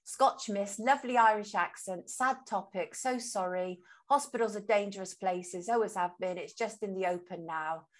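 Woman host, live-stream talk show, sympathetic, reads out viewer comments, middling pitch. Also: moderate pace, hardly any pauses.

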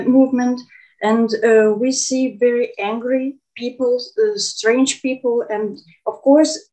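Slow hesitant woman with a Russian accent. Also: a little high, mellow, rough recording. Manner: hesitant, many fillers. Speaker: conference speaker, researcher. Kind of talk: conference presentation in English. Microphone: video call.

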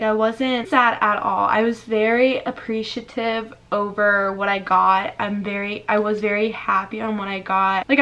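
A woman of twenty-one from Florida, chatting casually in a vlog, full of "like" and quick laughs as she reads comments aloud. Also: medium pitch, a bit bright. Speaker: YouTuber.

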